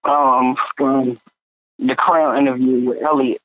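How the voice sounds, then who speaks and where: A man co-hosting a casual podcast, chiming in with short remarks and halting starts. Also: medium pitch, level tone. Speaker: podcast co-host. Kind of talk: casual chat. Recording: dull lo-fi dry sound.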